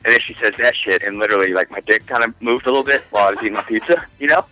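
A man's voice: on the low side, very fast, bright, forceful tone, soft background music, low-quality recording. A man in his twenties, a podcast guest, telling a long rambling story in casual, profane chat with frequent laughs.

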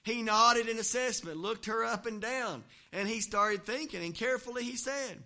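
A man's voice: very high-pitched, moderate pace, few pauses, bright, forceful tone. A male pastor, preaching a sermon in a folksy, conversational way with joking asides in a church. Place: church, also livestreamed.

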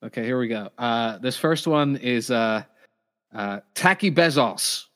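Man co-host, mid-pitched voice, relaxed and agreeable in casual banter. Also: unhurried. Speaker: podcast co-host. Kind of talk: casual chat.

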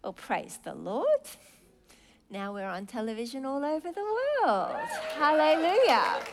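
A middle-aged woman preaching a sermon, expressive, swinging from soft, low asides to loud, exclaiming lines. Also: unhurried, creaky, some chatter behind.

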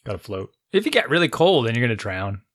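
A man in casual chat, making wry, deadpan jokes. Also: mid-range voice, fast talker, no echo.

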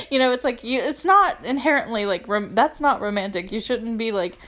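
A woman's voice: on the high side, expressive, normal speed, fairly bright tone. A young woman recapping a movie in a casual, chatty way, rambling with lots of fillers and frequent giggles. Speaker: movie reviewer.

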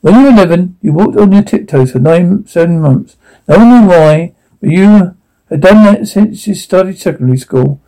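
An actor playing a young man who gently recalls his younger brother's childhood in a TV drama. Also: high voice, animated, normal speed, poor audio. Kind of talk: TV drama dialogue.

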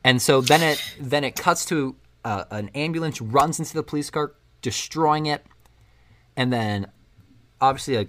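A man in casual chat, rambling through a movie plot and acting out the characters' lines along the way. His voice sits at an ordinary middle pitch, and he keeps the story rolling. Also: fairly bright tone. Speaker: co-host recapping a film.

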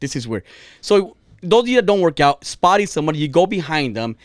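A man tells a crude, joking story on a podcast. His voice runs a little high and swings widely up and down as he goes. It sounds dry and close, with little sense of the room. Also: very animated, fairly quick, dry recording. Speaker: podcast host. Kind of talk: casual podcast chat.

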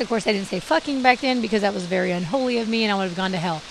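A woman in her forties telling her life story in a casual podcast monologue, talking in lively bursts and acting out the dialogue she quotes, with many fillers. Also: mid-range voice, racing, vocal fry, rough recording. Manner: animated, acts out quoted dialogue, frequent fillers. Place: indoors during heavy rain. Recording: faint hiss and rain noise.

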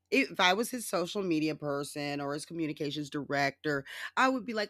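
A podcast host in a loose, sarcastic solo rant, cursing freely and laughing at their own jokes. The voice sits in a middle register and swoops high when mimicking others. The sound is close and dry, with no room around it. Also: animated, brisk, few pauses, sharp tone, dry recording. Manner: sarcastic, profane and mocking. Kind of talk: casual solo political rant.

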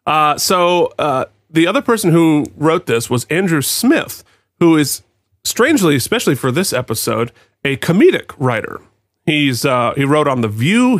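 A man co-hosting a casual podcast, with a Boston accent. His pitch leaps around as he jokes and laughs easily, and the sound is close and dry with no room echo. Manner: animated, jokey, laughs easily. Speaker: podcast co-host.

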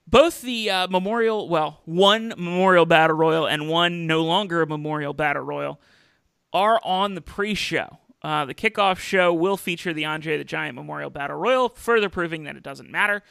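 A man's voice: fairly high pitch, normal speed, gravelly, fairly bright tone, clear, resonant tone, no room sound. A man hosting a casual wrestling podcast, chatty, with many fillers and restarts. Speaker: podcast host.

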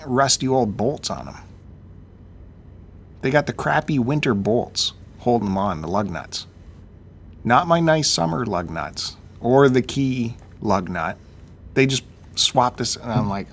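A man on a casual talk show, telling a long story in an animated, ranting way and acting out the people in it. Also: mid-range voice, unhurried, breathy edge. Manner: animated, ranting, acts out quotes.

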